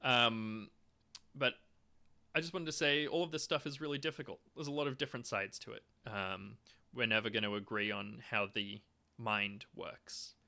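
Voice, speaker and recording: A man's voice: mid-range voice, fairly even intonation, normal speed, gravelly, pushed and bright. A young man giving a casual, self-made explainer talk, hesitant and full of restarts. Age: young adult. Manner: hesitant, lots of ums and restarts. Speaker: video lecturer on theory.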